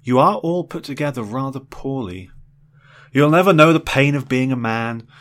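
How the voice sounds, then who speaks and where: A man's voice: mid-range voice, animated, moderate pace, a bit bright, pitched above the performer's own voice, lightly acted. A man voicing a drunk, weepy middle-aged former space explorer who rambles drowsily with slurred speech. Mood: mournful.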